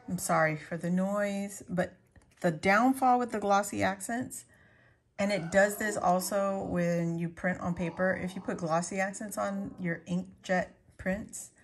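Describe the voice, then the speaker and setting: A woman crafting vlogger talking casually to her viewers as she shows her handmade pieces, chatty and quick to laugh. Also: lowish voice. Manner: chatty, laughs often, talks to viewers while showing her work.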